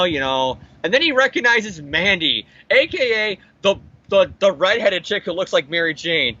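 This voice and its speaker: A man casually recapping a comic book on a podcast, animated and profane, acting out the characters' lines. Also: sits high, moderate pace, few pauses, dull audio. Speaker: podcast co-host.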